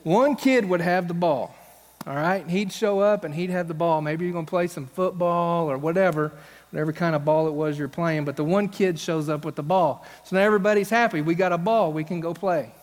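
A man's voice: on the high side, a little fast, long reverb tail. A male pastor preaching a sermon on stage, telling stories and acting out the voices of the people in them. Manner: storytelling, acts out quoted voices. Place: church stage.

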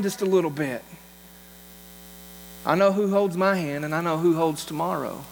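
Man, pastor, sermon, earnest, repeats phrases, slightly high voice, echoing hall, faint hum. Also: fairly even intonation, normal speed, creaky. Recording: long hall reverb with faint mains hum.

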